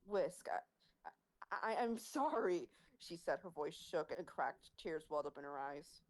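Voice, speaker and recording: A woman voicing a remorseful female warrior cat in a roleplay, quiet and hesitant. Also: low-pitched, steady tone, moderate pace, close to an everyday voice. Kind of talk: voice-acted roleplay.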